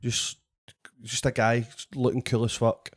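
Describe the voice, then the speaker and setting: A man with a Scottish accent, a podcast host and comedian, telling an animated story full of swearing in casual chat. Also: medium pitch, unhurried. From Scotland.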